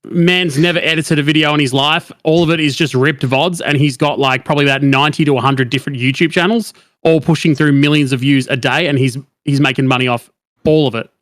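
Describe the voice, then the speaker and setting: A man's voice: fairly high pitch, steady tone, brisk, a bit bright, dry recording, studio quality. A man in casual chat making his argument in an opinionated way, swearing heavily.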